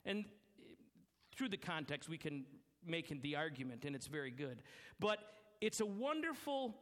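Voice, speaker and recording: A man preaching a sermon as pastor, emphatic, slowing down and dropping his voice low to stress key words. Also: fairly bright tone. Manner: emphatic preaching, slows and drops low for weight. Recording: long hall reverb.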